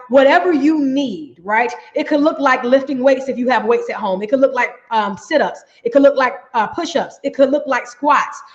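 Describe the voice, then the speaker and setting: Middle-aged woman, workshop coach, emphatic and conversational, slightly high voice; dull, roomy recording. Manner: emphatic, repeats "right?". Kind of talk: healing workshop talk. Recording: echoey, dull room sound.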